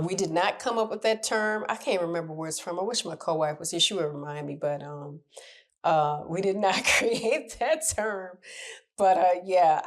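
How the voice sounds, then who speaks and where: A candid woman in her thirties talks casually to her audience, giving relationship advice in a low-pitched voice. She tells stories animatedly and laughs at the reactions she describes. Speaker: relationship coach. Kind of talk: casual advice talk to camera.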